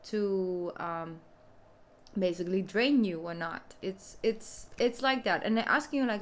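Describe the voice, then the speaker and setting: A woman reading tarot in a loose, conversational way, speaking straight to her listeners. Her voice sits at a middle pitch. She talks informally and keeps adding "you know" between thoughts. A faint hiss runs under her voice. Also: a little slow. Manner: chatty and informal, often saying "you know". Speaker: tarot reader. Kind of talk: casual monthly tarot reading.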